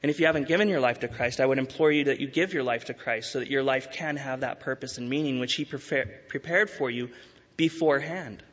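A man preaching a sermon as pastor, earnest and urging, slowing to stress key words. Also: mid-range voice, a bit bright. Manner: earnest, urging, with emphatic rises and slow stresses. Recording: dull sound with long hall reverb.

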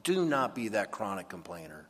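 A man preaching a sermon in an animated way, sometimes acting out complaining voices. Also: lowish voice, normal speed, long reverb tail. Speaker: pastor.

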